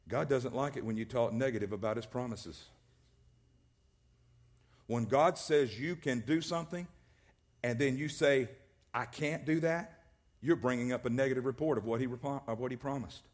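A man's voice: medium pitch, normal speed, pauses often. Man preaching an emphatic sermon. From American South. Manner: emphatic, repetitive preaching with many restarts. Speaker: pastor.

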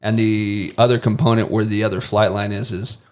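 A man's voice: on the low side, fairly quick. A man who is a former Marine and contractor, telling stories casually as a guest and acting out quoted lines in a raised voice. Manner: animated storyteller who acts out quotes in a raised voice. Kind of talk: casual storytelling in a podcast interview.

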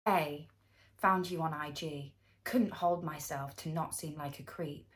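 A woman's voice: low-pitched, fairly even intonation, unhurried, pitched below the performer's own voice. A woman whispering as a creepy flirty guy. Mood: creepy hushed. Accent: British. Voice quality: whispery, hushed. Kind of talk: whispered role-play.

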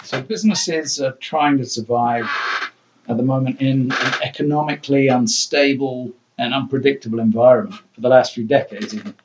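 Calm man asking interview questions. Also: medium pitch, normal speed. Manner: brief, calm follow-up questions. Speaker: podcast host. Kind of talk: casual podcast interviewing. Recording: dull lo-fi sound with faint noise.

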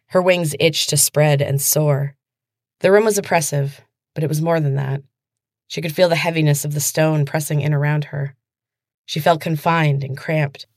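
A woman podcast host reading her own fantasy fiction aloud in a measured, even storytelling manner. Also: low voice, dry recording, clean studio sound. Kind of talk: scripted narration of a fantasy story.

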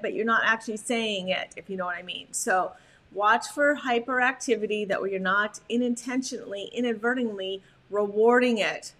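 A woman dog trainer giving a chatty, animated slide talk on puppy behavior, full of "like" fillers. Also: medium pitch, normal speed.

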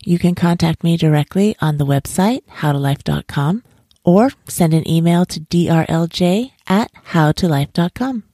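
A woman reading a bedtime story aloud in a gentle, soothing, unhurried way. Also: fairly low pitch, no room sound, clean studio sound.

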